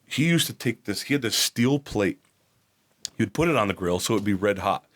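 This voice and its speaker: Lower-pitched man telling his story bluntly. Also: expressive, normal speed, a bit bright. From New Jersey. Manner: blunt, profane, acts out quoted voices. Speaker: podcast guest. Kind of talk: candid personal storytelling.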